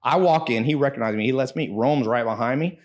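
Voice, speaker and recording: A man's voice: medium pitch, fairly quick. Brash, profane man telling stories. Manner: brash, profane storytelling with bursts of emphasis. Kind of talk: casual podcast talk.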